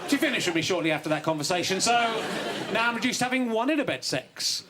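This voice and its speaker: Guy doing standup, really high voice, ranty and bitter, noisy studio with crowd laughs. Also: expressive, fast. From England. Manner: bitter, ranting, mock-indignant. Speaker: stand-up comedian. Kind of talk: stand-up comedy routine. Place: TV studio stage with audience.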